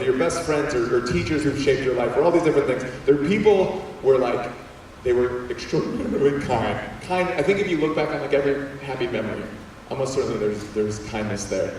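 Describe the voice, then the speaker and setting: A man's voice: a little high, slight background noise. A young man giving a storytelling talk to students in a school auditorium, acting out voices as he tells it. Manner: animated storytelling with acted-out voices. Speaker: guest speaker. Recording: echoey hall, voice from far off.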